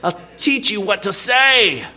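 A man's voice: high voice, big pitch swings, slow pace, sharp tone, pitched above the performer's own voice, full character voice. A man voicing God as a patient but firm speaker giving emphatic commands. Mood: commanding.

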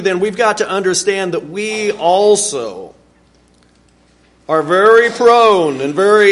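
A man preaching a sermon, earnest and animated, with sudden swings in pitch and volume. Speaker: pastor.

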